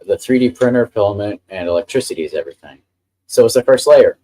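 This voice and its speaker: A man's voice: fairly low pitch, animated, quick pace, warm tone. A man hosting a casual live stream, chatting with enthusiasm about the printer he is handling. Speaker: livestream host.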